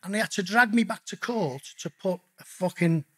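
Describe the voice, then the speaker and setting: At a normal speed, a middle-aged man with a husky, fairly high voice shares stories as a podcast guest in a casual interview. His manner is blunt, he swears in nearly every sentence, and he keeps calling the host "mate."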